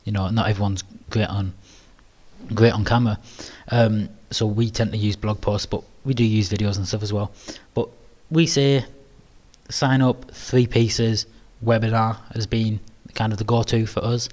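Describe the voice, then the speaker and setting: A man's voice: fairly low pitch, little pitch movement, moderate pace, darkish tone. Hesitant British man presenting a webinar. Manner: hesitant, many ums and restarts; modest, self-deprecating. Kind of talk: live webinar Q&A.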